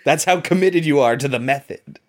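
A man co-hosting a casual film discussion, talking in a relaxed, loose way with plenty of fillers. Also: mid-range voice, fairly quick. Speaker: podcast co-host.

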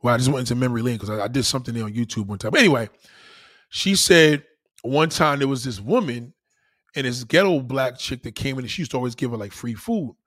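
A middle-aged man talking in a casual, animated monologue, profane and rambling, full of restarts and acted-out quotes. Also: mid-range voice, quick pace, no room sound, clean studio sound.

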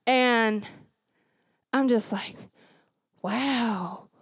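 Brief: young woman preacher, high voice, dry close sound, emphatic repeats. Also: unhurried, no room sound. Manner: emphatic, repeats key phrases, laughs at herself. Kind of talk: sermon.

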